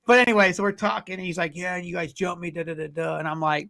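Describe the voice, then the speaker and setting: A man co-hosting a podcast, telling a long rambling story full of swearing. His voice sits high, with a gravelly edge. The tone is bright and sharp. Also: fairly even intonation, quick pace. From California. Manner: profane, rambling anecdotes. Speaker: podcast co-host. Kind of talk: casual storytelling.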